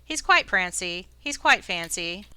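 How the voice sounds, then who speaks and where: A woman's voice: mid-range voice, big pitch swings, a little slow, pushed and bright, clear, resonant tone. A woman narrating a tabletop game as game master, rambling with fillers.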